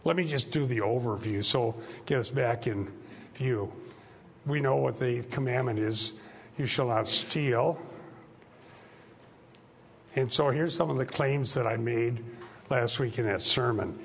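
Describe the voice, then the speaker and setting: A gravelly-voiced male pastor speaks quietly to his church class. He talks in short, halting phrases and keeps his volume low. A faint hiss of noise sits under his voice. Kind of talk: informal church teaching talk. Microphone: microphone.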